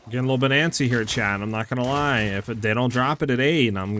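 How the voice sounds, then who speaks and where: A man's voice: medium pitch, quick pace, vocal fry, hardly any pauses, a bit bright, slight background noise. A man streaming a game, chatting loosely with his viewers and filling his talk with "like" and "you know". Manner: rambling, heavy on fillers like "like" and "you know"; talks to chat by name, easily restless. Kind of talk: casual live-stream chat while gaming.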